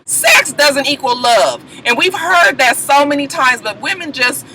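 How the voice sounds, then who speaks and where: A woman's voice: high-pitched, unhurried, few pauses, very noisy. A woman giving a blunt, profane, laughing recap of a reality TV episode in a casual vlog. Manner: blunt, swearing, laughing, animated storytelling. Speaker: TV recap vlogger.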